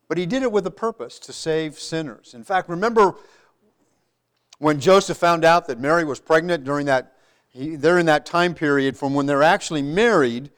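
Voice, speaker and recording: A man with a notably high-pitched voice delivers a sermon in a loose, conversational way. He restarts phrases and repeats words as he works through the point. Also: clear, resonant tone. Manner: conversational, many restarts and repetitions. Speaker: pastor. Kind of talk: sermon with congregation.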